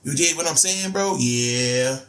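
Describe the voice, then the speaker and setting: A man's voice: a little high, unhurried, a bit bright. Man, casual reaction host, slangy, laid-back, rambling, repeats phrases.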